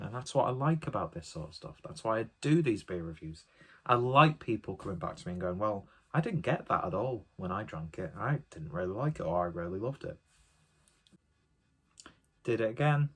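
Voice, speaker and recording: Man, casual beer review, chatty, enthusiastic, rambling, lowish voice. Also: fairly bright tone.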